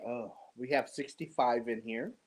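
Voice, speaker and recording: A tired, congested man hosting a casual live stream, greeting viewers and talking slowly with many pauses and fillers. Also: medium pitch, rough recording. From United States. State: tired and congested after surgery. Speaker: host of a live yarn stream.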